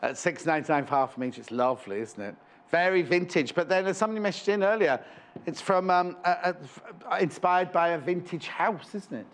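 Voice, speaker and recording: A man's voice: fairly high pitch, lively intonation, a little fast, fairly bright tone. A man presenting live on a shopping channel, chatting and joking in rambling asides. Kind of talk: live TV sales chat. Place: TV studio.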